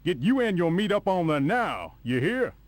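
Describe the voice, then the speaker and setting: A creepy folksy steakhouse host. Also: male voice, sits high, very animated, normal speed, heavy background noise. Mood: menacing welcome. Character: folksy, creepy male steakhouse owner in a horror game.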